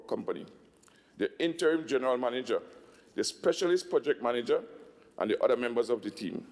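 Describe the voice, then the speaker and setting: A man with a Tobagonian accent giving a budget speech in a legislative assembly, emphatic, slowing down to stress figures. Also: mid-range voice, a little mellow, long reverb tail. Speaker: assembly secretary.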